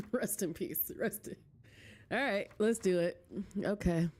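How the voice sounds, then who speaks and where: A woman at home streams a game, her medium-pitched voice a little mellow as she takes things slowly. She sits near a desk mic, chatting casually and giggling with her viewers, often laughing as she talks to chat.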